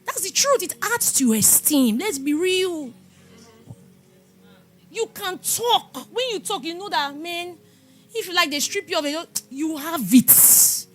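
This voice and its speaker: A woman pastor giving a lively testimony sermon in an animated storytelling manner. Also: very high voice. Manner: animated storytelling, laughing and exclaiming.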